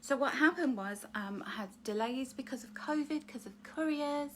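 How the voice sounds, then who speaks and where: A woman's voice: high-pitched, normal speed, a little hiss or hum. A middle-aged woman with a Northern English accent, chatting casually to viewers on a home livestream, calling them darling and love, with giggly self-deprecating humour. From England. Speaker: author hosting a live book launch. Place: home living room. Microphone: phone or webcam facing her.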